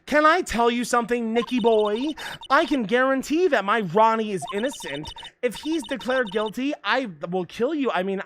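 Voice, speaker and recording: A man's voice: sits high, fairly bright tone. A nasal-voiced man voicing a doting, flirtatious woman with French airs, sugary and sweetly menacing.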